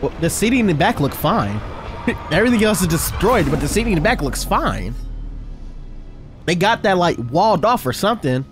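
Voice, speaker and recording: A young man calling out his own gameplay in a loud, excitable way, trash-talking the enemies as he goes. His voice is high and swoops all over the place. A game soundtrack plays clearly behind him. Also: normal speed, faint music behind. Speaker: gaming video host. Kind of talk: excited let's-play commentary.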